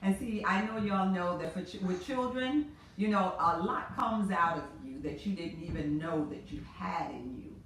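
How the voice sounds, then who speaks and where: A woman's voice: lowish voice, normal speed, a bit bright, slight background noise. A middle-aged woman, a guest in a casual chat, talking in an earnest, reflective way. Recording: echoey room, mic far off.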